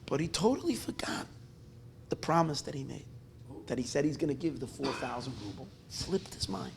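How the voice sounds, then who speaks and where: A male rabbi telling a story at a live gathering in an animated, conversational way, often breaking off and restarting his sentences. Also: medium pitch, normal speed, gravelly, background noise. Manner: animated, conversational, self-interrupting.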